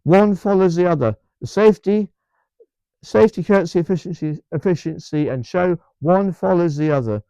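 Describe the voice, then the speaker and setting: A man's voice: high voice, moderate pace, gravelly, warm tone, clear, resonant tone, lo-fi sound. A man with an English accent chatting to camera in a vlog, enthusiastic and rambling, with many restarts and repeated words. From England. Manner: enthusiastic, emphatic. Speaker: vlogger. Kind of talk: casual chat to camera.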